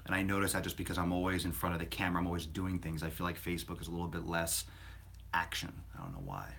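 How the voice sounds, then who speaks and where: A man with a low, deep voice chats loosely on a fitness live stream. He rambles from point to point and answers viewer questions bluntly, with the odd curse thrown in. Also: monotone, fast, a bit bright. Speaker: fitness livestream host. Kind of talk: casual live-stream chat.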